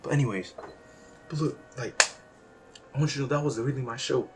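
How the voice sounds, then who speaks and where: A young man talking in a casual, rambling monologue that is self-deprecating and jumps from quiet musing to loud outbursts. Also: medium pitch, brisk, far from the mic. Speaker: vlogger. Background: background music.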